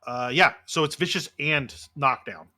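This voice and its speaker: A man's voice: mid-range voice, measured pace, bright, forceful tone. A man acting as game master of a tabletop role-playing game, explaining rules methodically with many fillers.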